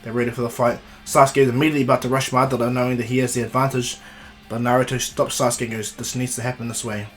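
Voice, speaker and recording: A man's voice: mid-range voice, level tone, racing, few pauses, a bit bright, faint music behind, poor audio. Man casually telling a fan story. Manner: casual, rambling, with fillers and restarts. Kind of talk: improvised fan story narration.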